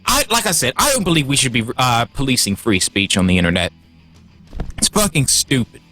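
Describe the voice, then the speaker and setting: A man's voice: a little high, a bit bright. A man hosting a livestream, heated and profane, stumbling over restarts as he gets worked up. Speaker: livestream host. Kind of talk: casual livestream rant.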